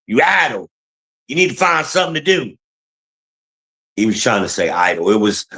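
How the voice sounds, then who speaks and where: A man's voice: medium pitch, fairly bright tone, rough recording. A middle-aged man hosting his own channel, ranting bluntly and with lots of profanity in a casual monologue, laughing now and then. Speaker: channel host.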